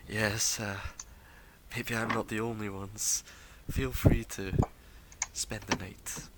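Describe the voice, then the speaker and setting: A man voicing a tired old host who speaks in soft, breathy whispers. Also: lowish voice, flat delivery, slow pace, very noisy. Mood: hospitable.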